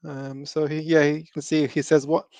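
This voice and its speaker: A man's voice: on the high side, flat delivery, normal speed, creaky, a little mellow, no echo, muffled recording. A man hosting a live stream, talking loosely with many ums and restarts.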